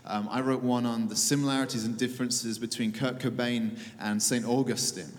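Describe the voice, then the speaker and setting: A man's voice: mid-range voice, steady tone, normal speed, in a large hall. A man, a church leader, giving an informal talk to an audience, conversational and hesitant with fillers and dry humor.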